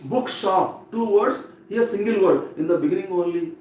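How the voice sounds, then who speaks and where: A man lectures on exam English and repeats each word several times as he drills it. His voice sits a little high for a man. He stands far from the mic in a very echoey room, with faint noise underneath. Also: moderate pace, mellow. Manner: repetitive, drilling words aloud. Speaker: English teacher.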